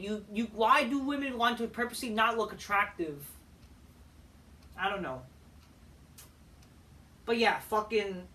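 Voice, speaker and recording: A man's voice: high-pitched, bright, forceful tone, distant mic. A man ranting through a profane, exasperated video review of a wrestling show.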